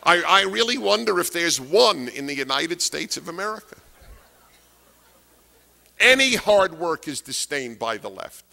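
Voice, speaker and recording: A man's voice: fairly high pitch, sing-song, unhurried, vocal fry, pushed and bright. A man giving a political lecture to an audience, emphatic, repeating key phrases and asking rhetorical questions. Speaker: speaker giving a talk.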